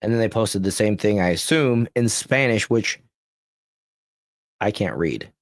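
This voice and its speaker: Running a casual political commentary livestream, this US podcast host speaks bluntly and rambles, reading posts aloud and tossing in offhand remarks. His voice is on the low side, animated and a little slow, captured in a dry, studio-quality recording.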